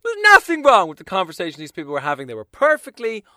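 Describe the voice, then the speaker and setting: Man, stand-up comedian, sweary rant, high bright voice. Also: quick pace, dry recording, clean studio sound. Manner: exasperated, sweary, swings between quiet mock-calm and shouting. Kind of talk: profane comic rant.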